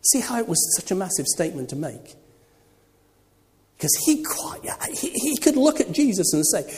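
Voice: medium pitch, very animated, moderate pace, darkish tone. A preacher delivering a sermon, voice swooping up and down as it throws rhetorical questions at the congregation. The sound rings with the long reverb of a church.

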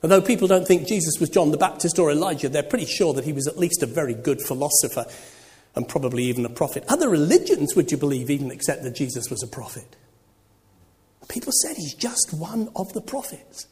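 A preacher giving a sermon, animated and full of rhetorical questions to the congregation. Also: mid-range voice, fast talker. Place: church. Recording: long reverb of a church.

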